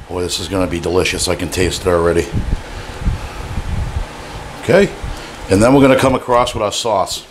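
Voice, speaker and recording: A man's voice: low voice, normal speed, pauses often, a little hiss or hum. A man hosting a cooking show, demonstrating a recipe in a playful, jokey and enthusiastic way.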